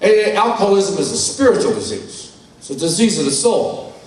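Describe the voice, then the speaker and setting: An older man from New York tells his story bluntly and candidly, with salty language, in a voice sitting a little high. He speaks in a large conference hall, and the sound rings with heavy echo from a mic placed far away. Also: lively intonation, fairly quick, a little mellow. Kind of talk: personal testimony talk.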